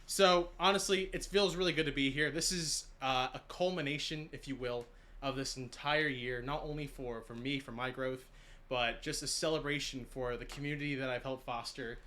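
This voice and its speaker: A man hosting his own stream's awards show, excitable and rambling, a bit out of breath. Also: mid-range voice, normal speed. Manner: excitable, rambling, self-deprecating. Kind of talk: casual live-stream hosting.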